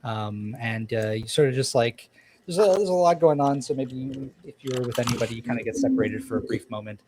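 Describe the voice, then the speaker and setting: A man's voice: mid-range voice, fairly quick, darkish tone, a little hiss or hum. A man narrating as game master for a tabletop game, rambling with frequent ums and restarts.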